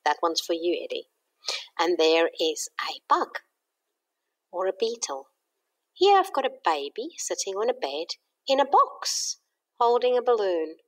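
A woman teacher giving a home phonics lesson for young children, sounding out letters slowly and clearly. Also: a little high, big pitch swings.

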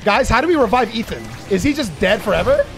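A man doing live gameplay commentary, cursing and excitedly trash-talking his teammates. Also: high-pitched, fast talker, soft background music. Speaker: gaming YouTuber.

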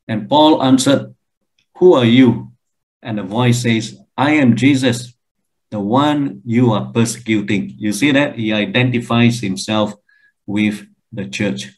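An older man lecturing on the Bible, emphatic and animated, often asking his listeners questions. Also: measured pace, poor audio. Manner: emphatic, animated, with pitch jumps and repeated questions to the audience.

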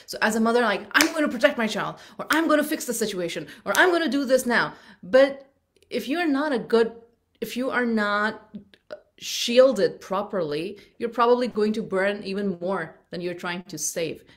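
A middle-aged woman giving an earnest parenting talk, repeating her points and acting out little quotes. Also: mid-range voice.

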